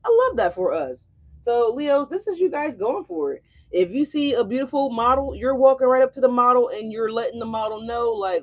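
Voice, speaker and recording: A woman's voice: on the high side, expressive, moderate pace, darkish tone. A woman doing a casual tarot reading, chatty and brash, swearing freely and talking straight to her viewers. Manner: chatty, brash and profane, addresses viewers directly. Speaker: tarot reader.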